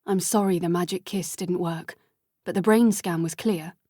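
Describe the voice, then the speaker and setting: A woman narrator voicing a steady, protective grown man, speaking low and firm. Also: normal speed, no room sound, clean studio sound, close to an everyday voice. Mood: gentle.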